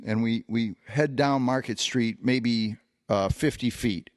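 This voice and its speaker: A man's voice: medium pitch, takes it slowly, no room sound, clean studio sound. Man telling a story on a podcast. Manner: recounts an anecdote at length, with many fillers and restarts. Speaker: podcast co-host. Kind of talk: casual storytelling.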